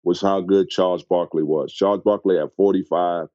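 A middle-aged man telling stories as a podcast guest, acting out quotes excitedly. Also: normal speed, dry recording, dull audio. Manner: excited storyteller who acts out quotes in a high voice. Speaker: guest, former basketball player. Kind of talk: animated storytelling in a podcast interview.

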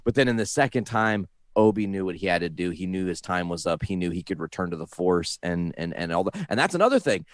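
A man co-hosting a casual chat, excitable and swearing casually. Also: low voice, fast talker, hardly any pauses, no echo, clean studio sound.

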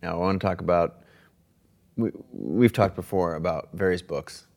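A male host leads a casual interview in a friendly, encouraging way. His voice is very deep with a gravelly fry. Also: normal speed, darkish tone.

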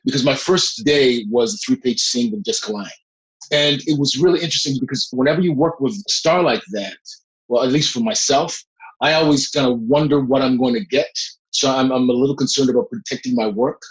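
Brief: middle-aged man, reflective and animated storyteller, mid-pitched voice, relaxed interview tone. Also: fairly quick, poor audio. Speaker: guest actor.

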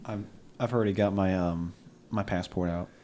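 A man's voice: deep voice, fairly even intonation, moderate pace, darkish tone, a little hiss or hum. A man playing a tabletop game with friends, talking eagerly and rambling, often cutting himself off. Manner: eager, rambling, self-interrupting. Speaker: player. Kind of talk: casual tabletop game chat.

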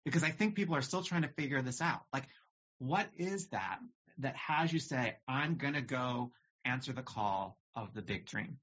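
A man in a podcast conversation, talking in quick bursts and laughing easily. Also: mid-range voice, lively intonation, fairly bright tone, husky. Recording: dull lo-fi recording.

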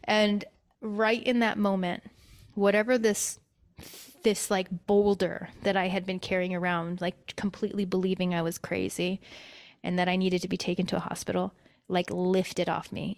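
A woman's voice: medium pitch, steady tone, normal speed, no echo, clean studio sound. A young adult woman telling an emotional personal story as a guest, with many fillers and restarts.

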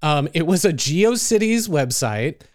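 A man's voice: on the high side, big pitch swings, measured pace, no echo, studio quality. A young man hosting a casual podcast chat, reading from his notes with lots of fillers and laughs. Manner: reads notes aloud, chatty with fillers and laughs. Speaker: podcast host presenting the story.

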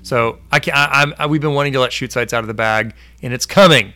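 An upbeat man hosts a casual live stream, chatting loosely with plenty of fillers. His voice is bright and forward, and he reads viewer comments aloud as he goes. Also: medium pitch, fast.

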